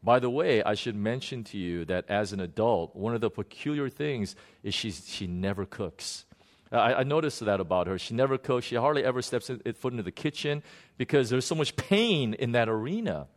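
A man's voice: mid-range voice, expressive. Guy telling a church testimony story, earnest, keeps restarting his sentences, mid voice. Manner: earnest, halting, many restarts and repeated words. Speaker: minister recounting a prayer session.

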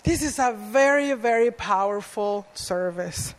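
A woman's voice: medium pitch, a little slow. A woman preacher telling a personal story in a sermon, earnest, with self-deprecating asides. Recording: echoey hall reverb.

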